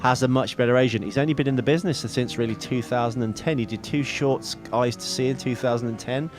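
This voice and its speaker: Male podcast co-host, mid-pitched, rambling, self-correcting, music bed underneath. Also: fast talker. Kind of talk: casual film chat.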